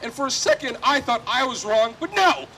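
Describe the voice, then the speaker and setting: A man's voice: very high-pitched, animated, fairly quick, sharp tone, slight background noise, low-quality recording. A man performing a self-deprecating, rambling stand-up set at an outdoor street festival. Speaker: stand-up comedian.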